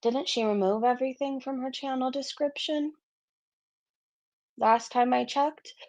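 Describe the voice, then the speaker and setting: A woman's voice: sits high, fairly even intonation, unhurried, darkish tone, no echo. A woman in her forties hosting a casual livestream. She chats, reads viewer messages aloud and often laughs at herself. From Canada. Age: 40s. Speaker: YouTube livestream host.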